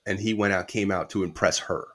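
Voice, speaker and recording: A man's voice: low-pitched, steady tone, a little fast, fairly bright tone. A middle-aged man, a guest musician, telling a casual anecdote with quoted dialogue and the odd swear word.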